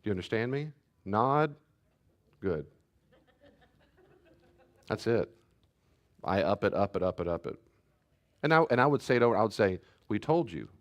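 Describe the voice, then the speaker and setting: A male pastor gives a teaching talk and takes questions, with a voice that sits on the low side. His delivery is animated and full of swings in pitch. He acts out family scenes as he tells them. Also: normal speed, pauses often.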